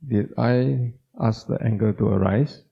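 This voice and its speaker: Warm and unhurried, with vocal fry and a breathy edge, a medium-pitched male voice belongs to a doctor giving an informal Buddhist teaching talk. He emphasizes by repetition and asks the audience questions, all on dull lo-fi audio.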